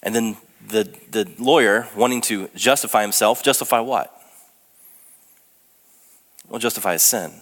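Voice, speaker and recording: A young male pastor preaches in a loose, conversational style, often restarting his sentences and poking fun at himself. His voice sits fairly low, and a long reverb trails each phrase through the church sanctuary. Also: normal speed, long pauses, a bit bright. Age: young adult. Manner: conversational, self-deprecating, with frequent restarts. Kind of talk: sermon.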